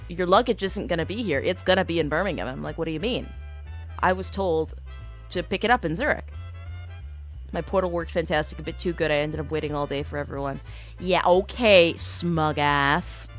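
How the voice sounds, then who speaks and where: A young woman streamer casually telling an exasperated travel story, acting out the voices of the people she met. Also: sits low. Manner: animated, exasperated storytelling with acted-out dialogue.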